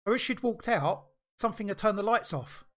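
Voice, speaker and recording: A man's voice: high-pitched, brisk. A middle-aged man co-hosting a podcast, telling an anecdote in casual chat and acting out the voices in it. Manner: animated storyteller, acts out quoted dialogue. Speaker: podcast co-host.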